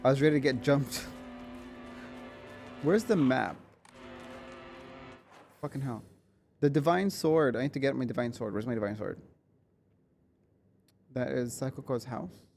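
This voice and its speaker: Man, game streamer, casual commentary, chatty, excitable, mid-pitched voice. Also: gravelly, slight background noise. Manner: chatty and excitable, swears and laughs often.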